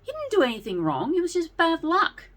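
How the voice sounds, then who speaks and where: Caring girl knight, high and consoling, voiced by a woman. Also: wildly swooping pitch, fairly quick, a bit bright, heavily acted. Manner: earnest, consoling.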